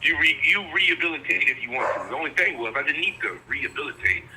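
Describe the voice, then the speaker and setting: A man's voice: on the high side, lively intonation, fast talker, sharp tone, a little hiss or hum, poor audio. A man in his forties from Virginia, talking earnestly and rambling a little in an interview, calling in by phone from prison. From Virginia, USA. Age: 40s. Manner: earnest, rambling, speaks plainly. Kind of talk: candid interview.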